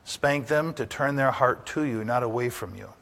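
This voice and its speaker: An older man preaches to his congregation in a folksy, storytelling manner. He keeps turning to the room with rhetorical questions and homespun anecdotes, his pitch sitting in a plain middle range. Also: moderate pace, gravelly, a bit bright. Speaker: pastor. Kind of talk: sermon.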